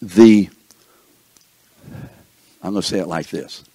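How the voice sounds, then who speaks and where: A man's voice: low-pitched, takes it slowly, mellow, breathy edge, no echo. A man teaching a Bible study class, thinking aloud and often checking that the class is following. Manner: thinks aloud, with restarts and asides.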